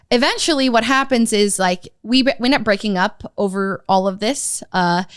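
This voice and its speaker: A woman's voice: medium pitch, smooth, no echo, studio quality. A young woman chatting casually as a podcast guest, telling a long personal story with lots of fillers. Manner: storytelling, animated, many fillers. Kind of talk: casual chat.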